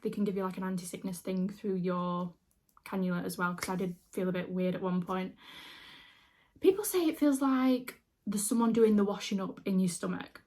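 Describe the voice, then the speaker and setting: A young woman telling a personal story to camera in a chatty, casual way, full of filler words. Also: medium pitch. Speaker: beauty vlogger.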